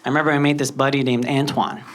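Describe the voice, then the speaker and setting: Animated stand-up comedian from Lebanon. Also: male voice, fast talker. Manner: animated, jumps into high put-on voices. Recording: loud background noise.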